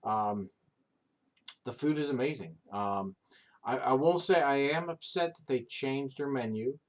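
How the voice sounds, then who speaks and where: A man's voice: medium pitch, a little slow. Male streamer in his thirties, loose rambling chat full of fillers and cursing. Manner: rambling, filler-heavy, profane storytelling. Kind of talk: casual chat.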